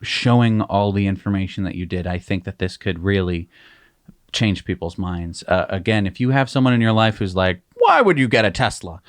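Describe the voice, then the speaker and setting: A man co-hosting a casual news chat, expressive and mocking. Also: low-pitched, normal speed, no room sound. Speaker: co-host.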